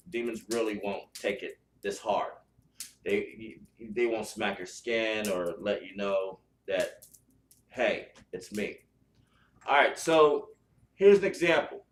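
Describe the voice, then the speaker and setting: A man hosting a spiritual podcast, talking bluntly and profanely in a casual chat style, with lots of restarts. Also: medium pitch. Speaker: podcast host. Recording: echoey room.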